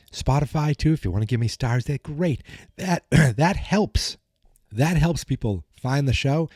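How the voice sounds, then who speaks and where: Podcast host, male, scratchy morning voice, rambling self-joking chat, mellow dark tone. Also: mid-range voice, no echo, clean studio sound. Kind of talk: casual recap monologue.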